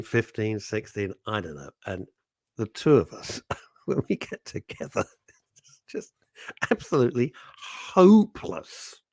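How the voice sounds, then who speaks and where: A man's voice: lowish voice, gravelly, a little mellow, no room sound, clean studio sound. A man hosting a radio show in casual, teasing chat, laughing often and reading out listener messages. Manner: playful, teasing, laughs often, reads out messages in put-on voices. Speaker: radio host. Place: radio studio.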